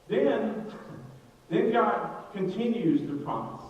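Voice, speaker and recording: High-voiced middle-aged pastor in an echoey hall. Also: male voice, a little slow, highs cut off, a little hiss or hum. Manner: energetic, joking, speaks straight to the congregation, many restarts. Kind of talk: sermon. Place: church sanctuary. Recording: echoey hall, mic far off.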